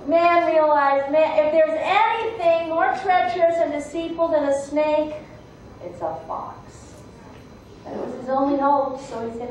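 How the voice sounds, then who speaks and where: A woman storyteller narrating a folktale in an expressive way, with dramatic pauses. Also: high voice, slight background noise. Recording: echoey room from far off.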